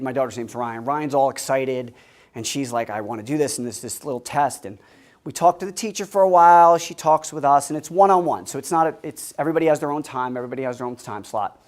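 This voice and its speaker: A man in his forties speaks to a college audience as a guest speaker. He tells stories in a loose, animated way, and his voice sits at an ordinary middle pitch. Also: a little fast. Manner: casual storytelling, animated.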